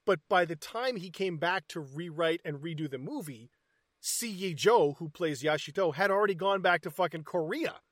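Casting note: foul-mouthed guy with a high voice riffing on a bad movie. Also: moderate pace, dry recording, studio quality. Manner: profane, animated, mocking. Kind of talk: casual chat reviewing a movie.

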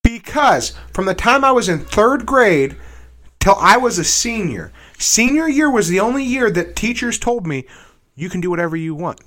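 High, lively young man swearing in banter. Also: measured pace. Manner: profane, animated, laughs a lot. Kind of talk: casual argumentative banter.

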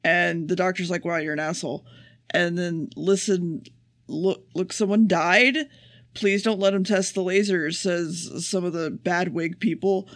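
Podcast co-host, man, high-pitched, dry close sound, sarcastic swearing recap. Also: fairly even intonation, a bit bright, dry recording. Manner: profane, sarcastic, rapid plot summary. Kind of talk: casual chat, episode recap.

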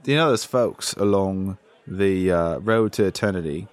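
A man voicing a suave, smoking feline humanoid man who talks in a smooth, lilting way. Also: low voice, moderate pace, close to an everyday voice. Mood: sly.

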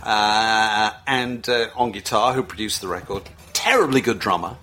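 A man's voice: lowish voice, normal speed, bright, forceful tone, a little hiss or hum. A male radio presenter chatting enthusiastically, with plenty of "you know" fillers. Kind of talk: casual chat.

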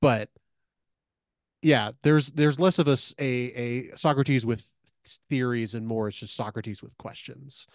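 A man's voice: medium pitch, measured pace, no echo, studio quality. A man co-hosting a podcast, talking things through in a casual, thoughtful way with many fillers and restarts. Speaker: podcast co-host. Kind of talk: casual discussion.

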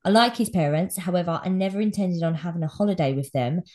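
A woman co-hosting a podcast in casual chat, animated and cheerfully sweary, reading out listener dilemmas. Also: fairly low pitch, fast. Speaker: podcast co-host.

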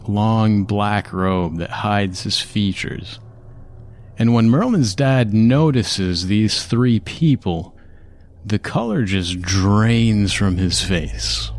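A man narrating a tabletop role-playing game as game master, in slow, measured storytelling. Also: lowish voice, a little mellow.

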